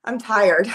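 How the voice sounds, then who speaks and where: A woman's voice: fairly high pitch, a bit bright. A woman chatting casually at home with viewers of her live stream, rambling and using many filler words, recorded by a camera on a holder. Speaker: livestream host.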